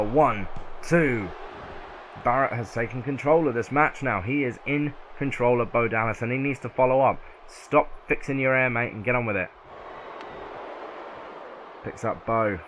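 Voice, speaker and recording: A man with a southern English accent doing play-by-play commentary over a video game, excitable and yelling at close calls. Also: medium pitch, a little hiss or hum. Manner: excitable, yells at near-falls.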